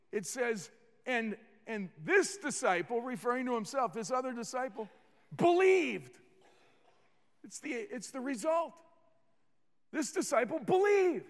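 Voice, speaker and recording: High-voiced pastor preaching in a reverberant hall. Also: male voice, fairly bright tone. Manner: earnest, repeats words, leads congregation in call-and-response. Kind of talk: sermon.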